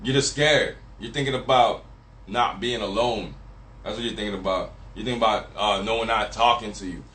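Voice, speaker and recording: A man's voice: lowish voice, brisk, fairly bright tone. A man ranting to camera in a profane, emphatic, repetitive and preachy way. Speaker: vlogger. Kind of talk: profane casual rant. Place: Miami. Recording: echoey room.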